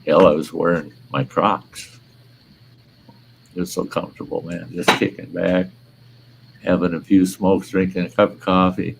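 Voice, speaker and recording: Older male host, low voice, blunt and foul-mouthed, casual chat, light background noise. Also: little pitch movement, normal speed, gravelly, long pauses, poor audio. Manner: blunt, profane storyteller.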